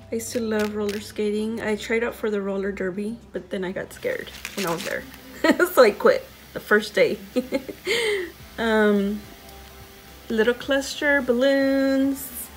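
A woman hosting a crafting video, unboxing mail from a friend and gushing over each handmade piece with excited exclamations. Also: a little high. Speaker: crafting channel host.

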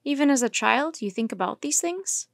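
A woman's voice: high voice, lively intonation, moderate pace, creaky, no echo, studio quality. A woman voicing a hearty older man with grand, formal speech in a storybook reading.

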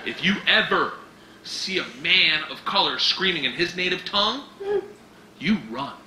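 A man performing a stand-up comedy set, telling a story in an animated way and often shouting. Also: sits high, measured pace. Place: comedy club stage with audience. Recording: echoey club clip, loud noise.

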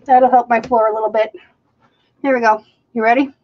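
High-voiced lady painting live at home, laughs a lot, teases herself, kinda muffled lo-fi audio. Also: steady tone, brisk, slight background noise. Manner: laughs often, self-mocking, chatty, talks to viewers. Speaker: live-stream art host. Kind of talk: casual live-stream chat while painting. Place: home art room with carpet. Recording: dull lo-fi stream audio.

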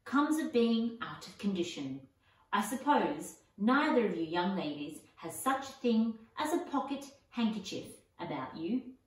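A woman's voice: mid-range voice, very animated, measured pace. A woman voicing a huge, polite, clumsy male giant with broad common speech, puffing as he talks. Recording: echoey, distant mic.

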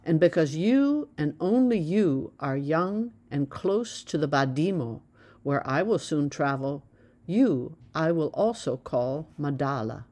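A woman's voice: deep voice, animated, dark tone, full character voice. A woman voicing a proud, solemn old village elder. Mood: earnest. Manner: slow, emphatic, solemn.

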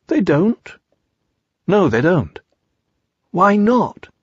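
Pooh, a high, wondering bear as a man puts him on. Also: very animated, slow, a little mellow, breathy edge, no echo, highs cut off, full character voice. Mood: puzzled. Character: Pooh, a gentle simple-minded male toy bear.

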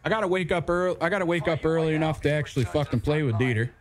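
A man's voice: a little high, rapid-fire. A man live-streaming a shooter game, joking and swearing with his co-player and chat. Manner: joking, swearing, breaks into singing. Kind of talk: casual live-stream banter. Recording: game music behind voice.

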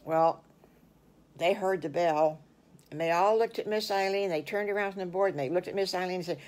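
A woman's voice: on the low side, a little fast, a little mellow. An older woman telling her own made-up story to children, folksy and full of little exclamations. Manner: folksy, exclaiming "oh my goodness gracious". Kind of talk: improvised children's story narration.

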